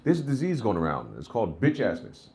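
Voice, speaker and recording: A man in his forties doing a live stand-up set, a profane, animated storyteller who peppers his talk with "like" and "right?". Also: fairly low pitch, fast talker, slight background noise. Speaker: stand-up comedian.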